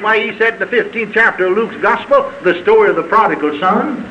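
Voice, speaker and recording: Fervent high-voiced preacher on old tape. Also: male voice, brisk, few pauses, muffled recording. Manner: fervent, folksy preaching with sudden high shouts. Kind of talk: sermon. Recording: archival sermon tape with faint hiss.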